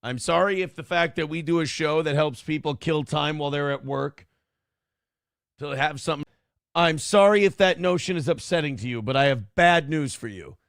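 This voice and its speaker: A man with an Upper Midwest American accent hosts a streamed talk show, his voice a little high and gravelly. He apologizes again and again in a sarcastic, combative way. The sound is dry and close to the mic. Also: normal speed, a bit bright, no echo. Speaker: morning show host. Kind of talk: supercut of live-stream talk show clips.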